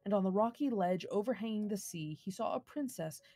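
A woman reading a fairy tale aloud on a live stream, gentle and measured, with asides to viewers. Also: mid-range voice, expressive, dry recording, faint music behind. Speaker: storybook reader.

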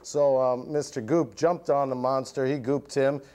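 A man's voice: mid-range voice, steady tone, unhurried, darkish tone. Playful rambling male show host. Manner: rambling, playful, lots of uhs. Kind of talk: comic puppet storytelling. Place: TV studio with live audience.

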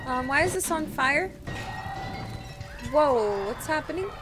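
A woman streaming a video game, reacting excitably and yelling and swearing when frustrated. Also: high voice, slow. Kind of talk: live gameplay commentary. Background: game music.

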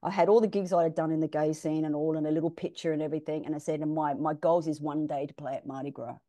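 A middle-aged Australian woman, a DJ guest, telling stories in a frank, animated way and acting out the quotes. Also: low-pitched, fast. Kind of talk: casual storytelling interview.

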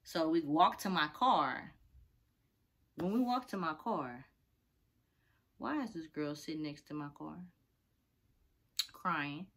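A woman telling a personal story in a casual, animated way, acting out the other people's voices. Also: sits low, slow, long pauses.

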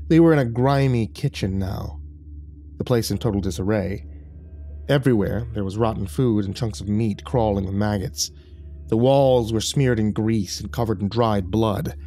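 Deep-voiced man narrating horror. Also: mellow, slight background noise. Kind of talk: scripted narration.

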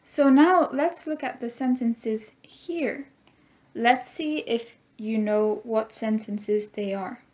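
Woman teaching a class, talks real slow, slightly high voice, kinda dull lo-fi sound. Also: darkish tone. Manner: slow, clear teacher talk with call-and-repeat drills. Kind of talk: recorded classroom grammar lesson.

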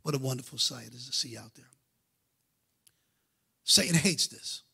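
A man preaching a sermon as pastor, swinging from quiet asides to loud fervent preaching. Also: mid-range voice, moderate pace, creaky, breathy edge. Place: church auditorium.

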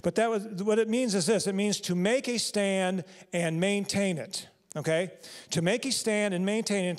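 A man preaching a sermon in a church, talking casually and quizzing the congregation. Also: high voice. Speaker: pastor. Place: church sanctuary.

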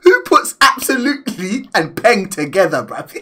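A man's voice: sits high, big pitch swings, moderate pace, background noise. A man reacting to a video, exclaiming and laughing in disbelief. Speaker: reaction channel host. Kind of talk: reaction commentary.

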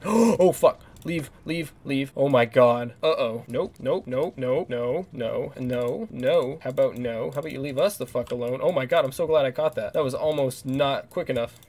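Excitable young man, let's play commentary. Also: medium pitch. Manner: excitable, swears a lot, yells at enemies. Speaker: gaming channel host.

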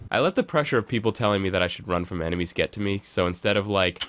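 A man's voice: low voice, animated, rapid-fire, hardly any pauses, a bit bright. A man giving casual, joking commentary while he plays a game, sometimes reading in-game text aloud with mock drama. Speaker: let's play host.

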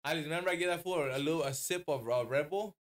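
Young man, slightly high voice, podcast banter, interrupts, laughs, swears. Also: quick pace. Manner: jumps in with laughs and profane interjections. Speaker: podcast co-host. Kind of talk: casual chat.

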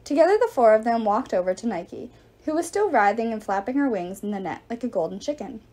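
A woman reads a novel aloud in a fairly high voice. Her narration is animated, with a lively, rising and falling pitch. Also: fairly quick. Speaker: audiobook reader.

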